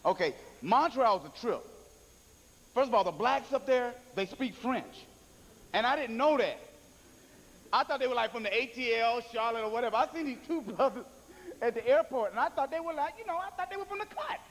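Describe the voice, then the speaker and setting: A man doing a stand-up comedy set, telling stories loudly and acting out the voices of the people in them. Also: very high voice, brisk, poor audio. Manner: loud animated storytelling, acts out voices. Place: comedy club stage.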